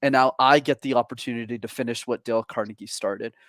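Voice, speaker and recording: A man's voice: mid-range voice, fairly even intonation, a bit bright, no room sound. Eager young man, dry close sound. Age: young adult. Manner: eager and upbeat, quick to laugh. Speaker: podcast guest, communication coach. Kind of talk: casual interview chat.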